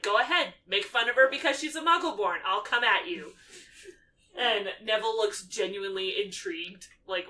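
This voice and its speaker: Podcast co-host, female, casual recap chat, bright tone, slightly off-mic with faint hiss. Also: on the low side, recorded from a distance, low-quality recording. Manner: animated, acts out quotes in character voices.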